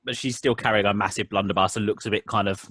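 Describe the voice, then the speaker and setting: A man's voice: fairly low pitch, fairly even intonation, quick pace, a bit bright, slightly rough, dry recording. A man narrating as game master of a tabletop game, in a rambling way full of ums and restarts.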